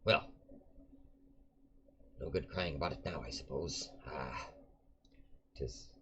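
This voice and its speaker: A man's voice: extremely low pitch, takes it slowly, bright, forceful tone, slight background noise, exaggerated voice. A man voicing a gaunt, cranky old male prisoner who exclaims and uses old-fashioned phrasing. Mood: rambling. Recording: dull lo-fi recording.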